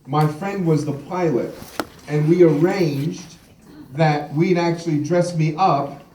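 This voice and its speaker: A man's voice: a little high, takes it slowly, mellow, a little hiss or hum. A man giving a live motivational keynote, telling humorous stories and acting out the quotes. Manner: humorous storyteller, acts out quotes with laughter. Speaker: motivational speaker. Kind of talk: live keynote speech with anecdotes. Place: large event hall. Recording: echoey hall, voice from far off.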